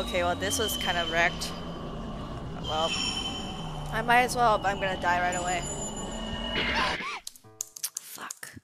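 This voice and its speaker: A woman streaming a horror game live, reacting with frustration, swearing and sudden shrieks while talking to her chat over loud game music. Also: mid-range voice, steady tone, normal speed, long pauses. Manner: talks to chat viewers. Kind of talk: live gameplay commentary.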